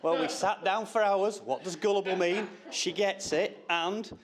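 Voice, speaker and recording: A man's voice: high voice, fairly even intonation, unhurried, a crowd in the background. A middle-aged father delivers a wedding speech, reading from his notes in a slightly raised voice. He teases his daughter, breaks off with little asides, and chuckles at his own jokes. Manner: jokey, teasing, self-interrupting. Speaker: father of the bride.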